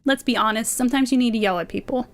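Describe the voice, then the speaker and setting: A woman's voice: on the high side, quick pace. A woman streaming in casual chat, rambling with many fillers and talking passionately, sometimes sounding indignant. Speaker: VTuber streamer.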